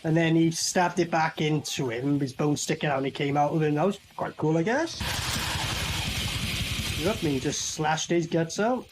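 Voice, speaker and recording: A man's voice: fairly high pitch, moderate pace, background noise. Sarcastic man mocking a film. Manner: sarcastic, swearing, talks over the film. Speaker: movie reviewer. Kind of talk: casual film commentary.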